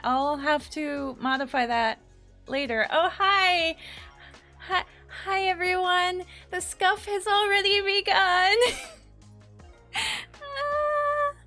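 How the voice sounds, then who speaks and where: A woman's voice: very high voice, bright, forceful tone. A woman streaming live, chatting casually and nervously with her viewers, giggling and greeting people by name. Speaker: VTuber streamer. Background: faint background music.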